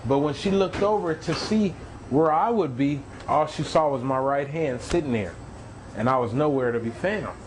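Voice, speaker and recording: A man's voice: on the high side, lively intonation, normal speed, a little hiss or hum, rough recording. A man earnestly telling his personal testimony, repeating phrases and acting out the voices of the people in his story. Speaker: testimony speaker.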